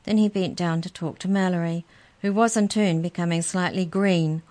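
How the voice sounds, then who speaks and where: A woman reading a children's story aloud in a clear, gentle storytelling manner. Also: on the low side, fairly even intonation, normal speed.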